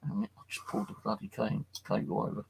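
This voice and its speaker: A tired man streaming late at night from his flat, telling a rambling, sweary story and chatting to viewers. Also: fairly low pitch, quick pace, vocal fry, background noise. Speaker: paranormal live streamer. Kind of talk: casual late-night live stream chat.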